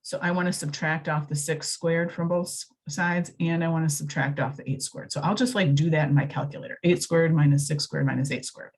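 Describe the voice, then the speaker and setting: A woman's voice: deep voice, steady tone, brisk, few pauses, slightly rough. A woman, working through a recorded math lesson, chatty and thinking aloud as she corrects herself. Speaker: math teacher.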